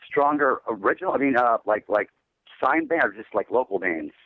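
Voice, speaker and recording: A metal band's singer, guesting in an interview, tells rambling, laid-back stories packed with "dude." His mid-range voice is fairly quick with lively intonation, and the dry recording sounds narrow and tinny.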